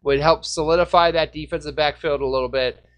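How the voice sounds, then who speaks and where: A man hosting a casual sports fan podcast, joking around and sometimes breaking into loud shouts. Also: fairly high pitch, steady tone, brisk, clear, resonant tone. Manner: jokey, bursts into shouting. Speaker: podcast host.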